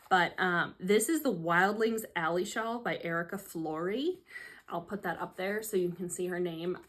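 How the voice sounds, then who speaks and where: This hobby vlogger, a woman filming on her phone at a home tray table, is chatty, sarcastic, self-deprecating, and quick to laugh. Her voice is fairly low in pitch and a bit bright.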